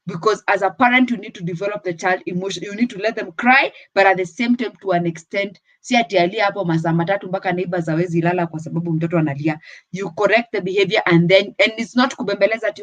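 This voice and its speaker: A woman's voice: medium pitch, quick pace, no room sound, low-quality recording. A woman with a Kenyan accent giving firm parenting advice on a talk show. She switches between English and Swahili.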